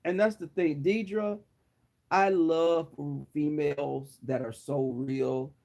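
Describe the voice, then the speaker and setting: A man's voice: fairly high pitch, fairly even intonation, slow pace, gravelly, a little mellow, poor audio. A man vlogger roasting someone in a sassy, dramatic way. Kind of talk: sassy commentary.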